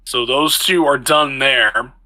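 A man's voice: medium pitch, steady tone, takes it slowly, bright, forceful tone, rough recording. A man narrating as game master of a tabletop game, chatty and restarting phrases as he describes the action.

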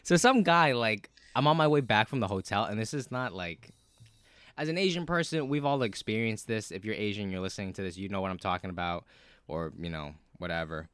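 A man telling a story in casual podcast chat, cursing a lot, with many fillers and animated bursts. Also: on the low side, brisk, clean tone, no echo. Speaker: podcast co-host.

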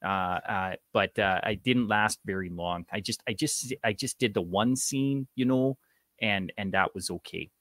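A man's voice: on the low side, normal speed, a bit bright, no echo. Chatty Canadian man, dry close sound. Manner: chatty, rambling, many fillers. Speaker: actor guest. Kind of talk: casual interview chat.

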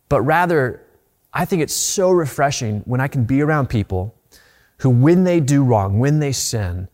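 A man delivering a sermon from the pulpit, earnest and plain-spoken. He talks straight to his listeners and often doubles up words as he drives a point home. His voice sits at an ordinary middle pitch. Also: darkish tone. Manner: earnest, repeats words when stressing a point. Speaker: pastor.

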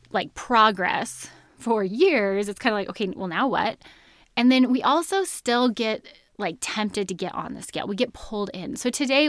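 A young woman hosts her own podcast and talks straight to her listeners in a chatty, animated way, often laughing between words. Her voice sits at an ordinary middle pitch, and the recording is dry and close with no room sound. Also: no room sound. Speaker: podcast host. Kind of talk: casual storytelling monologue.

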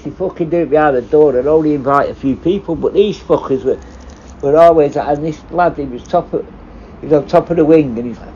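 A former prison officer chats casually, swearing constantly as he tells rambling stories. His voice sits on the high side with a warm tone, and the recording is dull and lo-fi with faint noise.

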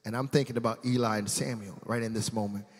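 A man preaching a sermon as pastor, telling a personal story in casual slang and building from quiet asides to loud, shouted praise. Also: lowish voice, steady tone, fast, long reverb tail. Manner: casual slang, addresses congregation as fam.

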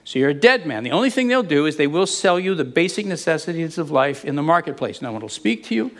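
A man preaching a sermon, retelling a Bible story with animated storytelling and acting out the speakers he quotes. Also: on the high side, quick pace.

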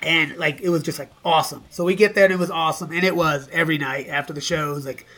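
A man's voice: fairly high pitch, steady tone, fast, sharp tone, soft background music. A middle-aged man, a podcast guest, telling casual stories with lots of swearing and laughs between lines. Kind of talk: casual storytelling.

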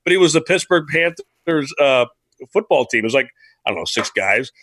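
A man's voice: on the high side, expressive, normal speed, pushed and bright, no echo. A man, a former baseball player, chatting enthusiastically and telling locker-room stories. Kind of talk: casual chat.

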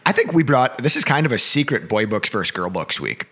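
Animated man, swooping jokey delivery. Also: medium pitch, slightly rough. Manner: animated, jokey, quick laughs. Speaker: podcast co-host, high school English teacher. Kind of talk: casual chat.

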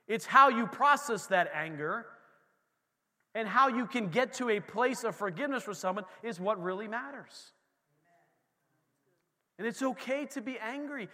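A man pastor preaching a sermon during a church service, swinging from quiet conversational asides to loud, fired-up exhortation. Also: high voice, long reverb tail.

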